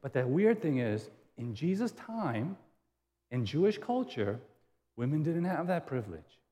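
A man's voice: fairly high pitch, very animated, measured pace, mellow. A man preaching a sermon in a conversational way, asking his listeners rhetorical questions. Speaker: pastor. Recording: hall reverb.

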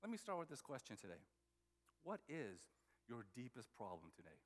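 A man's voice: mid-range voice, huge pitch swings, moderate pace. A man preaching a sermon as a pastor, conversational and full of restarts and repeated words. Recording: long hall reverb.

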